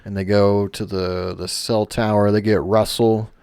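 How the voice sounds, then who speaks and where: A man co-hosting a podcast, chatting casually about a movie and retelling its scenes with quick quoted lines. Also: lowish voice, little pitch movement, a little mellow, smooth, dry recording. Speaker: podcast co-host.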